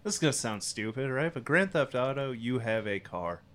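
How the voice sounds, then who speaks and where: A man in a casual group chat, animated and ranting as he tells a story, swearing often. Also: mid-range voice, moderate pace.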